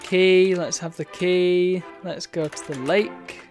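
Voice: mid-range voice, fairly even intonation, takes it slowly, soft background music. Wry game streamer. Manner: chatty, wry, reads on-screen text aloud. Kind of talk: let's play commentary.

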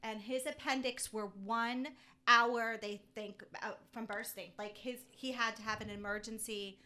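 A middle-aged woman chatting as a podcast guest, telling a story with lively acted-out dialogue. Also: fairly high pitch, measured pace. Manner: animated storyteller who acts out quoted dialogue. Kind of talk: casual chat.

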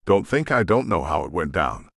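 A man's voice: low voice, very animated, normal speed, vocal fry, fairly bright tone, no room sound, clean studio sound, exaggerated voice. A man voicing a bitter, vengeful male rogue shifter who taunts and threatens in a sneering way. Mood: mocking.

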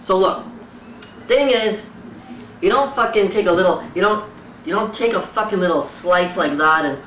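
Young comic from Fiji, profane talk-show parody: loud outraged rant, bright edgy tone, recorded in an echoey room off the mic. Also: mid-range voice, normal speed, pauses often. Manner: loud, animated, swearing constantly, exaggerated outrage. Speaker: comedian recreating a talk show. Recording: roomy echo, distant mic, faint background hiss.

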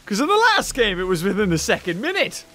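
A man giving excitable gameplay commentary, laughing often and yelping at jump scares. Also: high voice, fast. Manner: excitable, laughs a lot, yelps and shouts at scares. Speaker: gaming YouTuber.

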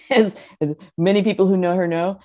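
A woman co-hosting a webinar, reading audience comments aloud in a halting way with many fillers. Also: fairly low pitch, fairly even intonation, darkish tone. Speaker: co-host reading the chat.

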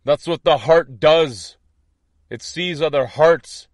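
A man's voice: fairly high pitch, slow pace, no echo, studio quality. A man giving an impassioned spiritual monologue, intense and defiant, repeating his points. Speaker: online preacher.

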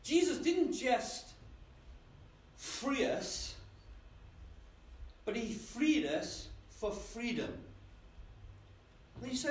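A man's voice: very high-pitched, sing-song, very slow, long pauses, slight background noise. A man preaching a sermon in a church, conversational and often asking the congregation questions. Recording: echoey church from a distance.

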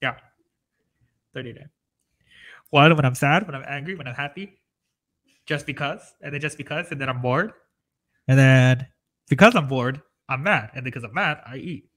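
A man's voice: mid-range voice, moderate pace, pauses often, a bit bright, close to an everyday voice. A man playing the Grinch in a comedy interview, rambling through silly stories and laughing a lot. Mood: chatty, joking. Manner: rambling, giggly, tells tall tales. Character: mischievous green male Grinch, greedy, onion-loving.

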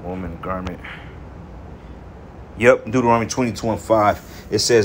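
A fairly low-pitched male voice with a little hiss or hum teaches scripture angrily and profanely. He reads verses aloud in a measured cadence and, heated, ends his phrases with "man" and "okay."

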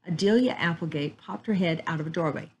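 A woman storyteller reading a chapter book and a Bible story aloud in a calm, measured way. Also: lowish voice, a little hiss or hum, poor audio.

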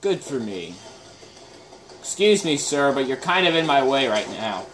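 A man's voice: medium pitch, very animated, a little slow, fairly bright tone. A man giving casual live gameplay commentary, chatting and reacting aloud with sudden exclamations and muttered groans.

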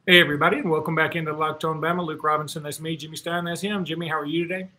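A man hosts a casual sports podcast in a bright, forceful voice. He talks in a chatty, folksy way, full of fillers and restarts. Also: a little high, little pitch movement, very fast, a little hiss or hum, poor audio. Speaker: podcast co-host.

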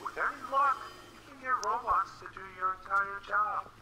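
An actor playing an upbeat male fast-food manager who leaves a recorded message, with a chirpy salesman cheer. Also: high voice, close to an everyday voice, low-quality recording. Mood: chipper. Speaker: game boss on a voice message. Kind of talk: scripted game voice acting.

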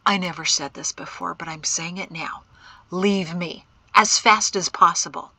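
A woman's voice: lowish voice, fairly even intonation, a little slow, gravelly, pushed and bright, slightly rough, no room sound, heavily acted. A woman voicing a young farmer husband, urgent and emotional. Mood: pleading.

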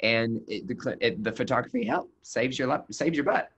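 A man's voice: mid-range voice, moderate pace, breathy edge. A man, a nurse injector, chatting casually as a webcast guest and telling stories with acted-out quotes. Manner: animated storyteller, acts out quotes.

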